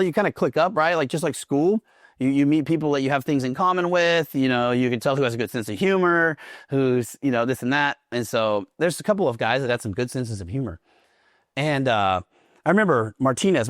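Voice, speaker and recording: A man's voice: medium pitch, no echo, clean studio sound. A man from Oklahoma telling stories casually as a guest, swearing often and laughing as he goes. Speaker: guest veteran. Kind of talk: casual storytelling.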